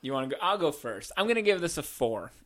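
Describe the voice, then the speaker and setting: A man co-hosting a podcast in casual chat, relaxed, laughing often and trailing off mid-thought. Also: on the high side, fast talker. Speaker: podcast co-host.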